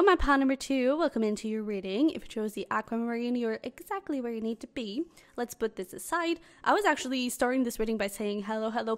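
A young woman giving a casual, rambling tarot reading to camera, bubbly and quick to laugh. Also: fairly high pitch. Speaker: tarot reader.

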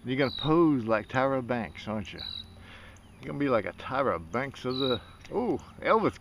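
A man's voice: medium pitch, lively intonation, moderate pace, creaky, fairly bright tone, a little hiss or hum. A man filming outdoors by a pond, chatting and coaxing ducks in a playful, teasing way. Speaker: vlogger. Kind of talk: casual talk to animals while filming.

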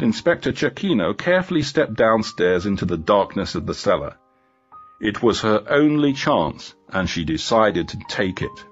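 Low-voiced man reading a story. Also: slightly rough, lo-fi sound. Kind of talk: graded reader story narration.

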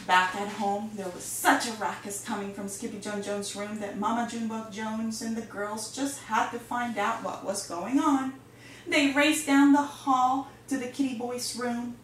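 A woman teacher reading a picture book aloud in a lively, expressive way. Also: a little high, measured pace, slight background noise. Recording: echoey room, distant mic.

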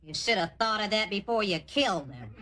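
A woman acting in a sitcom, making blunt, deadpan remarks. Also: medium pitch, brisk. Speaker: sitcom roommate character. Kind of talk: sitcom acting before a live audience. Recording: TV sitcom audio with background noise.

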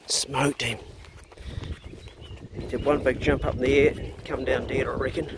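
A man's voice: mid-range voice, little pitch movement, unhurried, noisy background. A man filming himself on a farm, giving casual hunting commentary, swearing freely and talking to his dog. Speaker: hunting vlogger. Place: outdoors on a farm.

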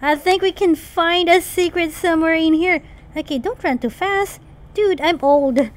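A woman host giving casual, playful gameplay commentary, chattering excitedly to the characters in her game. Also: very high voice, measured pace. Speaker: mom gaming channel host.

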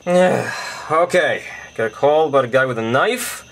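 A man's voice: medium pitch, lively intonation, moderate pace, music in the background, close to an everyday voice, low-quality recording. A man doing a jittery, stammering cop. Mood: weary. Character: nervous, clumsy male police officer.

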